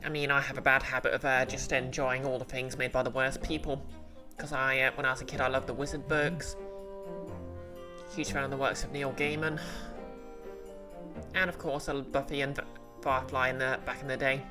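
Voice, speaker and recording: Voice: medium pitch, level tone, fairly quick, music in the background. A streamer playing a game and chatting with viewers in a rambling, casual way, full of fillers and restarts. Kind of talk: casual game livestream chat.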